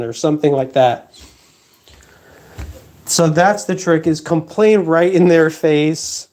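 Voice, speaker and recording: Slow-talking man ranting casually. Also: on the high side, a little mellow. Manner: repetitive, emphatic, half-joking rant. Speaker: live stream host. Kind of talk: rambling casual monologue.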